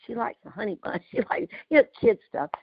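Gravelly woman telling folksy stories. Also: on the high side, animated, brisk, dry recording. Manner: folksy, emotional, often laughing. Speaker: community call host. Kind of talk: heartfelt personal storytelling. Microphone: video call. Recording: dull lo-fi call audio.

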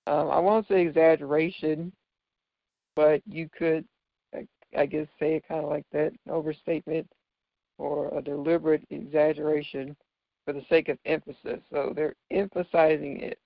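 A man's voice: a little high, flat delivery, moderate pace, gravelly, dry recording. A man teaching figures of speech from scripture, patiently explaining and often checking in with "right?". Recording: dull lo-fi dry recording.

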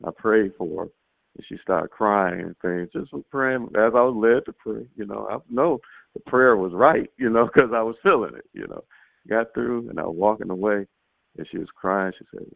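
Male caller, animated testimony storyteller; low, raspy, over a phone line. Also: moderate pace, no echo. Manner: animated storytelling, acts out his own quotes. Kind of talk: casual spoken testimony. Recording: tinny phone line, dry.

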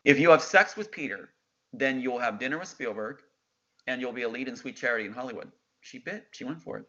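Middle-aged male guest, insistent storyteller, forceful bright tone, lo-fi audio. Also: medium pitch, expressive, a little fast. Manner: intense, insistent, quotes others' words. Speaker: interview guest. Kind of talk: emotional storytelling. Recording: dull lo-fi sound.

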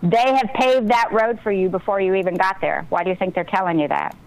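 A woman's voice: mid-range voice, steady tone, brisk, creaky, low-quality recording. Woman author, radio guest, earnest motivational delivery. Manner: earnest, motivational, talks about breathing and intuition. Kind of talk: casual radio interview.

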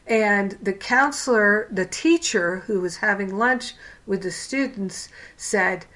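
A woman leads a spiritual counseling class at an unhurried pace, her voice sitting in an ordinary middle register. She talks frankly and casually, dropping into personal anecdotes to make her points. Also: mid-range voice, a bit bright. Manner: candid, storytelling, frank.

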